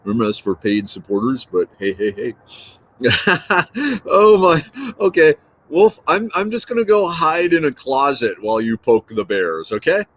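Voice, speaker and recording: A man's voice: mid-range voice, expressive, unhurried, a bit bright, poor audio. A man in his fifties chatting on an early-morning live stream, greeting viewers by name and answering their comments in a playful, rambling way. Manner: playful, repeats words and trails off. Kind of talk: casual live-stream chat.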